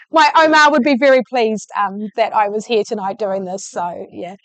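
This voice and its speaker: A woman's voice: medium pitch, moderate pace, fairly bright tone, no echo. New Zealand woman, laughing interviewer. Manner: friendly, laughing often. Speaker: interviewer, business journalist. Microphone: no microphone, room.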